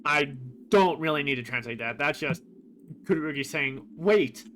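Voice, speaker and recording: A man's voice: medium pitch, normal speed, pushed and bright, slight background noise. A man streaming a game who compares translations in casual commentary, rambling with many fillers.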